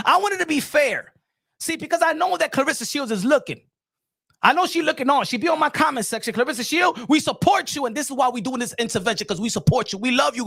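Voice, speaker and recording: A man hosting a boxing commentary channel, preaching loudly and repeating his points straight at the person he is talking about. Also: very high-pitched, creaky, no echo, studio quality. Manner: loud, preachy, repeats himself, addresses the subject directly. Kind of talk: emphatic boxing commentary vlog.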